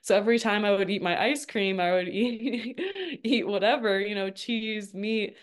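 A woman in her thirties talks through her story as an interview guest, chatty and quick to laugh, with plenty of "like" and "um". Her voice is smooth and clear, sitting at a middle pitch. She keeps it casual and personal. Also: steady tone. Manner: chatty, laughs often, frequent "like" and "um". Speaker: guest, registered dietitian.

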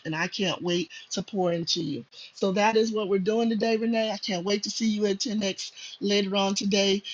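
Motivational man, rousing and preachy, high voice, dull lo-fi sound. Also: fairly bright tone. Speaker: motivational speaker. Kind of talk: motivational pep talk.

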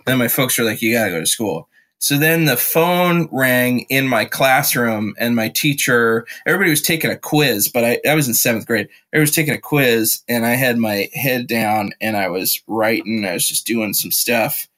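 A man's voice: medium pitch, normal speed, few pauses. A young adult man, a podcast guest, telling a story in casual chat and slipping into impressions. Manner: animated storyteller, slips into voices. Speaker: podcast guest, musician and actor.

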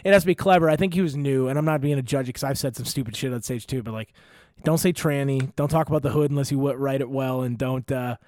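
A man's voice: medium pitch, steady tone, fast talker, a little mellow, dry recording. A young man, a comedian and co-host, telling stories casually and swearing freely. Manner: rambling storyteller, swears freely. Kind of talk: casual chat.

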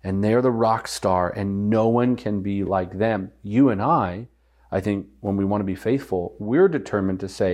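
Man, podcast guest, lowish voice, earnest, emphatic, stacks repeated phrases. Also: moderate pace, a little mellow. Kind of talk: earnest conversational teaching.

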